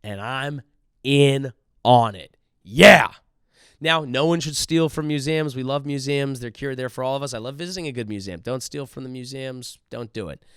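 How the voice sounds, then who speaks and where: A man's voice: medium pitch, normal speed, a bit bright, smooth, no room sound, clean studio sound. A male comedian hosting his own show, telling a profane, riffing story as a monologue from a hotel room. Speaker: comedian host.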